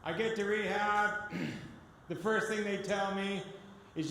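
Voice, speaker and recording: High, bright-voiced man in an echoey hall. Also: slow, a little hiss or hum. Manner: animated, laughs often, acts out dialogue. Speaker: guest speaker. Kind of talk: personal testimony storytelling.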